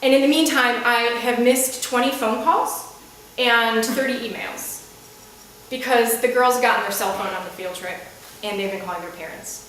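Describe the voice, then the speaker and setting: A woman tells a comic story live on stage before an audience, exasperated and self-mocking. Her voice is high and bright. The sound is very echoey and distant, with faint room noise behind her. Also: moderate pace. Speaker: comedic storyteller. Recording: echoey room picked up from afar.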